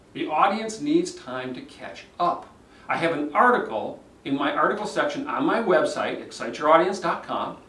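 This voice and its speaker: Animated male speaking coach, roomy sound. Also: on the high side, slight background noise. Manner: animated, demonstrates delivery himself. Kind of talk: video critique of speeches. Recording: roomy echo, mic at a distance.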